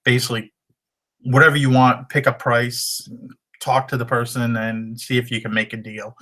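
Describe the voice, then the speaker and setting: A man with a slightly hoarse voice giving casual resale tips, rambling loosely and using many fillers. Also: mid-range voice, little pitch movement, normal speed, bright, forceful tone. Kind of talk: casual how-to talk.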